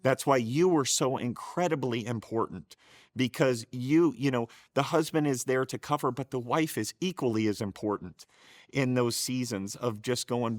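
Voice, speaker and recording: Speaking at medium pitch and a moderate pace, a middle-aged man co-hosting a show recounts his faith testimony with heartfelt emotion. He frequently gets choked up and starts his sentences over, and the studio-quality recording is dry.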